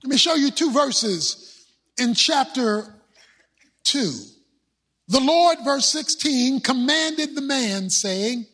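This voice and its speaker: High-pitched, emphatic preaching pastor. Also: male voice, expressive, takes it slowly, slightly rough. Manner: emphatic, dramatic, bursts of shouting. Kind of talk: sermon.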